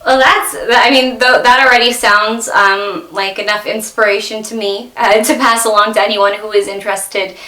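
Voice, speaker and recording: A woman's voice: mid-range voice, fairly even intonation, normal speed, few pauses, bright, forceful tone, roomy sound. A young woman hosting a video series, emotional and rambling as she wraps up an interview. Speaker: host. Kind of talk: vlog outro.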